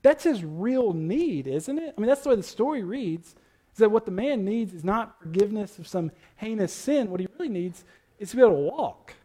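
A man preaching a sermon in a conversational way, with asides and quick self-corrections. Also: sits high, animated, dark tone. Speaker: pastor.

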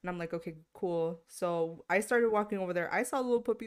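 A woman's voice: on the low side, quick pace, clear, resonant tone. A young woman, a podcast co-host, telling a story in casual chat with friends, laughing often. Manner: laughing storyteller, quotes her mom.

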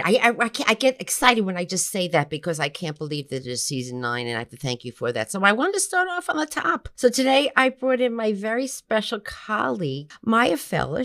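Excitable lower-voiced woman podcast host. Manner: excitable, animated, many restarts. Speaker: podcast host and nutrition professor. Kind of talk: enthusiastic podcast talk.

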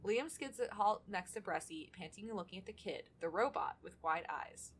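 A woman's voice: medium pitch, lively intonation, moderate pace, slightly rough. A woman co-hosting a podcast, reading fan fiction aloud between chatty, laughing asides and casual swearing. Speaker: podcast co-host.

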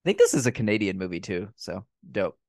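Profane, animated male podcast host. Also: fairly low pitch, quick pace, creaky, no echo, clean studio sound. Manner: profane, animated retelling of scenes. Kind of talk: casual film review chat.

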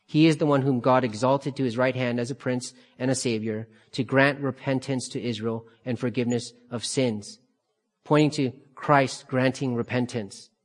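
In a calm Bible study session, a medium-pitched male teacher explains scripture and repeats the key phrases to drive them home.

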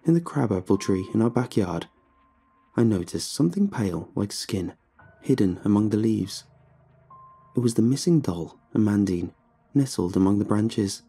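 A man's voice: on the low side, lively intonation, moderate pace, warm tone, slightly rough, soft background music. A man reading a horror story aloud in a tense, dramatic narration with breathless rises.

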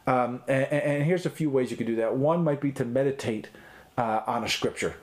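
A man's voice: mid-range voice, brisk. A middle-aged man teaching as a pastor in a recorded online talk, earnest and conversational, with frequent ums and restarts.

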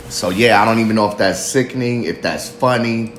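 A man's voice: fairly low pitch, fairly quick, fairly bright tone, a little hiss or hum. A man in his thirties hosting a solo confessional monologue, rambling, swearing a lot and mocking himself with frequent laughs. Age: 30s. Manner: rambling, profane, self-mocking, laughs often. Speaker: podcast host. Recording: roomy echo.

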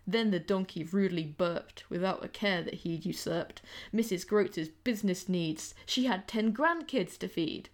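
A woman's voice: lowish voice, measured pace. A young woman, a podcast host, reading her own rhyming poem aloud with playful, sing-song storytelling. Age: young adult.

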